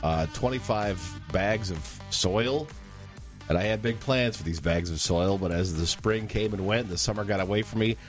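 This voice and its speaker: A man's voice: lowish voice, moderate pace, faint music behind. A man co-hosting a morning radio show, trading jokes and casual stories with dry humor. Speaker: radio co-host.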